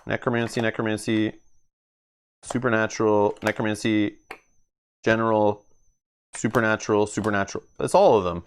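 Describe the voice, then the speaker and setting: A man's voice: on the low side, little pitch movement, normal speed, long pauses, smooth. Chatty man thinking aloud over cards. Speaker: board game streamer. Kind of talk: casual solo playthrough commentary. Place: home gaming table.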